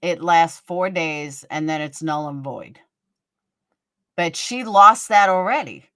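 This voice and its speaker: A woman's voice: on the low side, slow, sharp tone, no echo, clean studio sound. A woman hosting a casual livestream, blunt and profane, gossiping and answering viewers by name. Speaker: livestream host. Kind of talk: casual livestream chat reading viewer comments.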